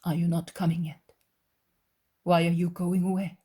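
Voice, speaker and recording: A woman voicing a gentle, compassionate Jesus, speaking softly and tenderly in an audiobook. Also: fairly low pitch, flat delivery, moderate pace, slightly rough. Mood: coaxing. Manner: soft, hushed, tender speech. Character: gentle, compassionate male Jesus, calm and loving.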